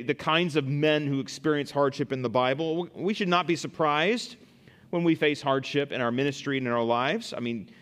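A middle-aged male pastor preaching a sermon, animated, rising loud for emphasis and acting out scoffing listeners. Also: medium pitch.

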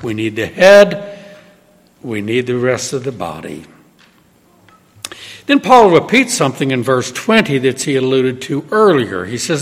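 A man preaching a sermon in an emphatic way, swinging from loud declarations to hushed storytelling. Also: medium pitch, sing-song, measured pace. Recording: long reverb of a hall.

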